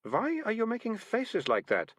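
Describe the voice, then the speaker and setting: A man voicing a sharp-tongued girl who hates rats, indignant and bossy. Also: high-pitched, huge pitch swings, normal speed, voice pushed up, heavily acted.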